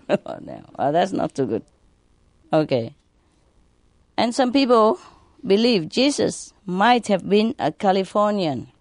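Slow, playful woman telling jokes. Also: mid-range voice, very animated, a little mellow, dry recording, studio quality. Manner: playful, laughs between lines, teases listeners with questions. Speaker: spiritual teacher. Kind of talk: telling jokes to a live audience.

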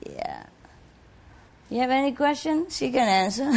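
A woman leading a spiritual center gathering speaks slowly, with long pauses, in a medium-pitched voice with a darkish tone. Casual with her live audience, she teases people playfully, coos fondly at her pets and speaks English with loose non-native grammar. It's a noisy recording of an indoor room with an audience.

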